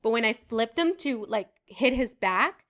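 Bright-voiced woman podcast co-host. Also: a little high, expressive. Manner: quick reactive interjections and laughter. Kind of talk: casual chat.

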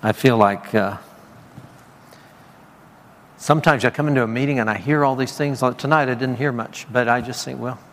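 A man with a fairly bright, mid-range voice speaks at a moderate pace, pausing often, as he preaches and gives prophetic words at a meeting. He keeps it informal and charismatic, conversational with laughter and repeated praise, in a church meeting hall with long reverb and faint background ambience.

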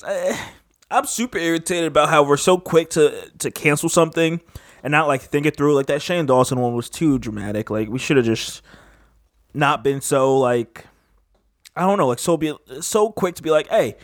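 A man's voice: fairly high pitch, expressive, normal speed, no room sound, studio quality. Laid-back young man, podcast host. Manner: laid-back, laughs often, stumbles reading aloud. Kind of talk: casual podcast chat.

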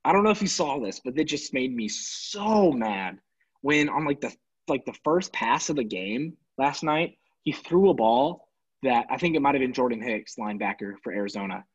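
Sarcastic ranting man, slightly husky. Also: medium pitch, normal speed. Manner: exasperated, sarcastic, animated ranting. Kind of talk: casual sports rant. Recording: dull lo-fi recording.

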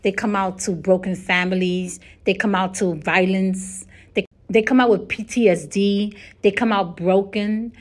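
Woman, podcast host, casual monologue, earnest and talkative, frequent restarts, mid-pitched voice. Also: fairly even intonation, a little slow. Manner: chatty and earnest, with frequent restarts and repeated words.

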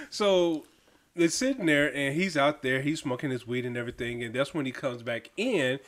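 A man hosting a podcast, reviewing a film in casual chat, animated and laughing often, stumbling over names. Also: medium pitch, moderate pace. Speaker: podcast host.

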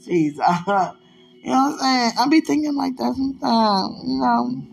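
A woman speaking in a casual, heartfelt monologue. She talks playfully and with affection, teases and laughs often, and swings between soft asides and loud bursts. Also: high voice, lively intonation, moderate pace, gravelly, over music, poor audio. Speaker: vlogger addressing a loved one.

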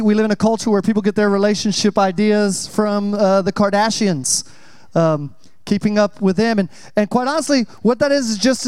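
A man's voice: high-pitched, smooth, no echo. A young adult man preaching a sermon, chatty and joking as he tells stories. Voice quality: chatty, joking, animated storyteller. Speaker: pastor.

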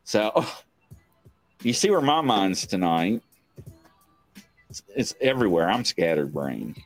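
A man's voice: fairly low pitch, big pitch swings, slow, faint music behind. A man hosting a live online talk show, chatting casually in a rambling, joking, self-mocking way. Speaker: livestream talk show host. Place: home stream set.

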